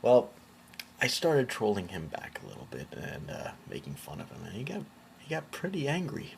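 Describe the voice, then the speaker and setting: A man's voice: on the low side, huge pitch swings, normal speed, gravelly, slight background noise. A man hosting a casual commentary video, talking in a sarcastic, incredulous way.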